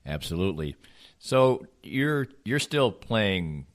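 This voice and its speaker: A man's voice: lowish voice, very animated, slow pace. A man hosting a conversational interview, asking leading questions. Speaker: interview host.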